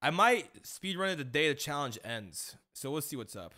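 A man's voice: a little high, very animated, normal speed, sharp tone. A young man streaming, chatting casually with slangy banter and telling a funny story about his dad. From Mexican-American family. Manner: laid-back slangy banter, laughs at his own stories.

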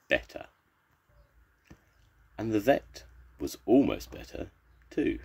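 An older man reading a children's storybook aloud in a slow, expressive way. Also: creaky, husky. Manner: slow and expressive, with lots of pitch swings.

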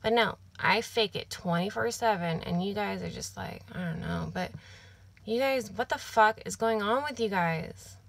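A woman's voice: mid-range voice, moderate pace, gravelly, no echo. A young adult woman talking casually to camera in an apartment, rambling and venting with lots of swearing and filler words.

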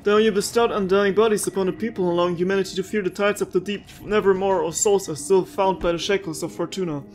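A woman's voice: mid-range voice, fast, faint music behind, natural voice. A woman reading out the lines of a solemn servant devoted to a god-ruler, in her own voice. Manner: reads the lines aloud at an even, formal pace.

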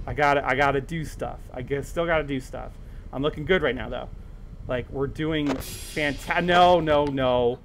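A man streaming a horror game live, muttering to the on-screen threats and breaking into panicked shouts. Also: medium pitch.

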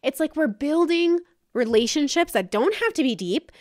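A woman's voice: high-pitched, animated, moderate pace, a little mellow, no room sound, clean studio sound. A woman hosting her own podcast, talking frankly and casually in a solo monologue, with some swearing. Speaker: podcast host.

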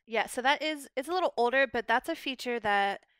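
A young adult woman, a guest linguist, explaining dialect features in measured, academic podcast talk. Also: high voice, lively intonation, fairly bright tone, clear, resonant tone, dry recording.

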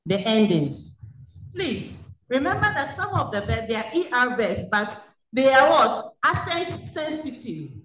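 A woman with a fairly high voice teaches at a slow, deliberate pace. She keeps asking the class questions and then answering them herself. She sounds distant from the mic on an echoey video call, with a faint hiss behind her. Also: big pitch swings, a bit bright. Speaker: French teacher. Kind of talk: online class lecture. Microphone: video call recording.

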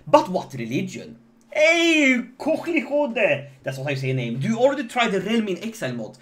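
A man with a Swedish accent commentating his live game stream, joking and animated as he talks to chat. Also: high voice, moderate pace.

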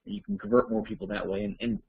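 A man's voice: fairly low pitch, huge pitch swings, racing, gravelly, slightly rough, narrow, tinny audio. A man teaching an online course, answering listener questions in a rambling, conversational way as he thinks aloud.

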